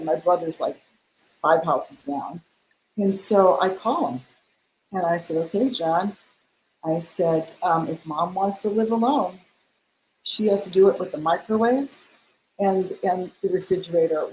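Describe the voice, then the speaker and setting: Slight background noise runs under this rough recording of a woman with a fairly low voice. She's middle-aged, a spiritual mentor, and in an interview she animatedly shares a personal story, voicing the quoted exchanges as she goes.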